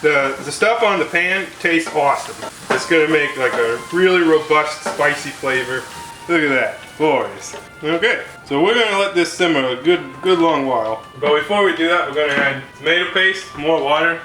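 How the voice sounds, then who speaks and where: A man hosting a casual cooking vlog, laid-back and jokey, rambling as he cooks. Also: fairly high pitch. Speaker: cooking show host. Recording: roomy sound with background music.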